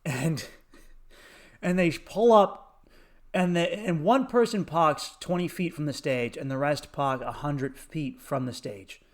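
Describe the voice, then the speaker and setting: A comedian hosting his own podcast, telling a story in a fairly high voice. He swears freely and laughs through his lines. He acts out little bits of dialogue as he goes. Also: slow. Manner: profane, laughing, animated retelling with acted quotes.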